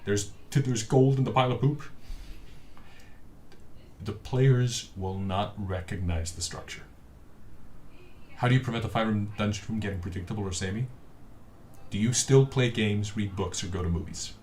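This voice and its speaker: A man with a low voice chats casually on his live stream. He rambles, restarts and fills gaps with "uh." His voice comes through a webcam microphone with a faint hiss behind it. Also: moderate pace, pauses often, darkish tone. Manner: rambling, with many fillers and restarts. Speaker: streamer host.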